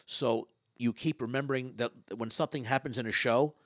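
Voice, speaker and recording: A man, a stage hypnotist and former comedian, telling stories in an interview, talking fast and loud with lots of stammered restarts. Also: medium pitch, steady tone, dry recording, clean studio sound. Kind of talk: storytelling interview talk.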